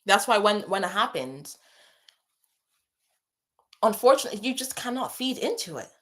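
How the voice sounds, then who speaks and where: Reading viewer messages on a casual advice chat, this young adult host talks chattily and emphatically, repeating phrases to stress them. Her pitch is medium, her delivery sing-song and fairly bright, and her pace moderate.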